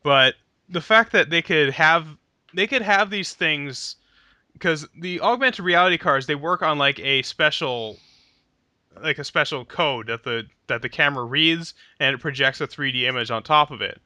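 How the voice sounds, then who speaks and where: A man's voice: on the high side, moderate pace, bright, forceful tone, dry recording. A young man hosting a casual gaming podcast, laughing often and talking with enthusiasm. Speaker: podcast host.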